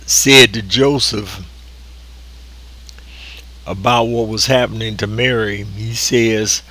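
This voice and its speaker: Male preacher, recorded sermon; unhurried, deliberate delivery, pressing on words; bright tone. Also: fairly low pitch, fairly even intonation. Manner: slow and deliberate, drawn-out emphasis.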